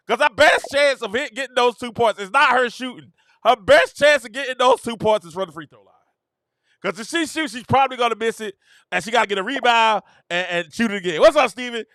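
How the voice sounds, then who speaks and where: A man hosting a sports reaction show, ranting excitably, addressing viewers directly and often breaking into shouts and laughter. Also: very high voice, brisk, dry recording, studio quality. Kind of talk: animated sports reaction rant.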